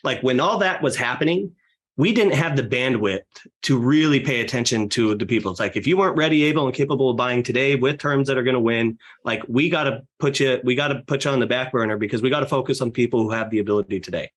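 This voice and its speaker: A man talks on a podcast at an even middle pitch and a brisk pace. He is energetic and keeps acting out lines from his talks with clients. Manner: fast, energetic, acts out client dialogue. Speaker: real estate team leader guest. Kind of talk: podcast interview talk.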